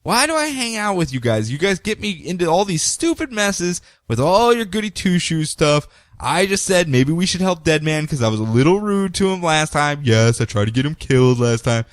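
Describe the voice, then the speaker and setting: A man's voice: a little high, sing-song, moderate pace, no room sound, pitched above the performer's own voice. A man puts on a grumbling, sarcastic sorcerer who whines about everything around him. The voice stays close to a regular speaking voice, recorded dry and near the mic. It sounds like a podcast retelling, not a staged production. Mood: griping. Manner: griping, complaining. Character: grumbling cynical male sorcerer, whiny and sarcastic.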